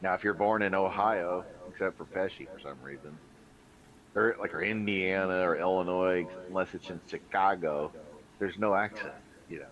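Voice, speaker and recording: A low-pitched man rambles through profane, loud banter while co-hosting a casual stream. His voice comes through dull and lo-fi, as if over a cheap mic. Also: moderate pace. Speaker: co-host. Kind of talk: casual watch-along banter. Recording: dull lo-fi sound.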